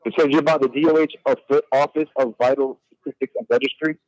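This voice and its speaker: A man's voice: mid-range voice, steady tone, quick pace, a little mellow, no room sound, low-quality recording. A man from New York calling into a podcast, chatting in an easygoing way. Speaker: caller. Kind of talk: casual chat.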